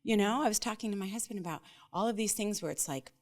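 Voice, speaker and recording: A woman's voice: medium pitch, quick pace. A woman in her forties hosting a podcast, talking bluntly and emphatically in casual chat, swearing freely and often asking "right?". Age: 40s. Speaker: podcast host.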